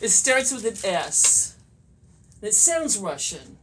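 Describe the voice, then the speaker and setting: A woman's voice: medium pitch, big pitch swings, slow pace, heavy background noise. A woman with an Ohio accent hosting a casual library trivia chat, playful and giggly. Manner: playful, giggly, sings out bell sounds. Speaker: library host.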